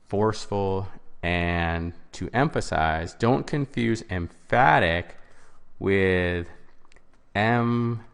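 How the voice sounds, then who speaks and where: A man's voice: sits low, animated, takes it slowly, creaky, smooth. A man teaching a test-prep vocabulary lesson as a voice-over, explaining step by step and stressing key words.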